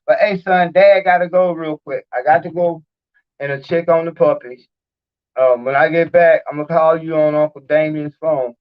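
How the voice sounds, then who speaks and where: Man, raised pitch, casual vlog talk, rambling, dull muffled audio. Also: steady tone, normal speed, smooth. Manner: rambling, heartfelt, informal. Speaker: video host. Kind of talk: casual live-stream talk. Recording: dull lo-fi recording.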